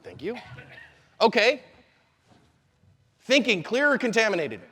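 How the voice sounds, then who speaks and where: A man teaching a live seminar, energetic and conversational, with quick asides to the audience. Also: sits high, husky, in a large hall. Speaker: self-defense instructor. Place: convention hall seminar room.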